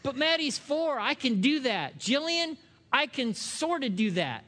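Man, pastor, forties, high voice, conversational sermon, long hall reverb. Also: big pitch swings, unhurried, pushed and bright, a little hiss or hum. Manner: conversational, with frequent rhetorical check-ins and asides.

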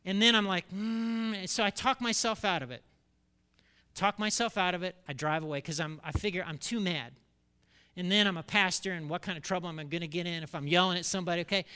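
Animated high-voiced male pastor preaching. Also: fairly quick, smooth. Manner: animated storytelling with sudden loud bursts and quiet asides. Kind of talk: sermon.

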